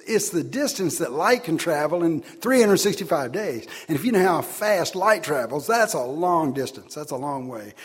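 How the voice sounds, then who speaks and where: A man preaching a sermon, swinging between loud, emphatic declarations and quiet asides. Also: on the high side, slightly rough.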